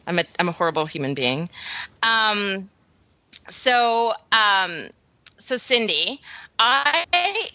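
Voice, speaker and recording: A woman from Canada with a softened Canadian accent, hosting a podcast in casual, chatty talk full of "like" and "um". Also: medium pitch, sing-song, takes it slowly, pauses often, dry recording, muffled recording. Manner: chatty, filler-heavy, laughs often. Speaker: podcast host. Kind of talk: casual chat.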